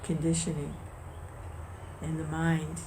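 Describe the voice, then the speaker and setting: A woman gives a relaxed spiritual talk in a fairly low voice. She speaks conversationally, restarting sentences and chuckling as she tells a story. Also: takes it slowly, noisy background. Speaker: devotional discussion leader.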